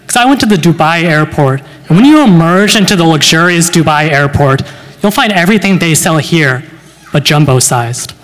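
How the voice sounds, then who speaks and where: A young man around nineteen performing a stand-up comedy set with dry, deadpan delivery, pausing with fillers between lines. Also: on the high side, slight background noise. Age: late teens. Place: university event hall. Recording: long hall reverb.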